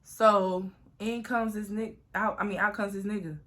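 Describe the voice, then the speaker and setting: A woman's voice: mid-range voice, steady tone, normal speed, a bit bright. A young woman telling a personal story to camera in a chatty, profane way, often addressing viewers as y'all. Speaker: vlogger.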